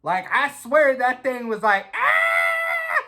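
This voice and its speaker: A man telling a casual, swear-filled story in an animated way. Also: sits high, a little slow. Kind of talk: casual anecdote.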